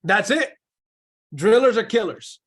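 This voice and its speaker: Man, sales coach, emphatic and repetitive, slightly high voice, video call. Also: lively intonation, measured pace, fairly bright tone, slightly rough. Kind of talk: motivational sales training.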